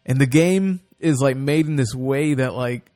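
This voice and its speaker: A man's voice: medium pitch, unhurried, a little mellow. A man in casual chat, telling stories and voicing the people in them. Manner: laid-back storyteller, acts out characters' lines.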